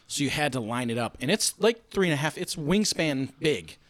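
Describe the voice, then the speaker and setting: Man, middle-aged, podcast co-host, lively swooping pitch, dry close sound, swears freely. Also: moderate pace, no room sound. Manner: animated storyteller, swears, acts out shouted quotes. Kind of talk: casual chat.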